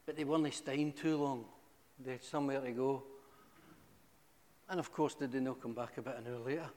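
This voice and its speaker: A middle-aged man giving a humorous, animated testimony to a church, with sudden high exclamations. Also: normal speed. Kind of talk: storytelling testimony. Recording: echoey hall.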